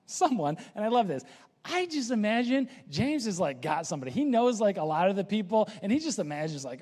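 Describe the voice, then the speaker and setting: A man's voice: high-pitched, sing-song, brisk, darkish tone, long reverb tail. A man preaching a sermon as a pastor, in a casual, conversational and joking way.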